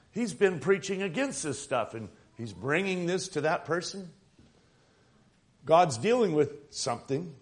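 A male minister preaching an earnest sermon, asking the congregation questions. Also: on the high side.

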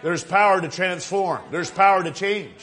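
A man's voice: sits high, normal speed, a bit bright. A male pastor giving an emphatic evening sermon, repeating phrases and asking his congregation "right?".

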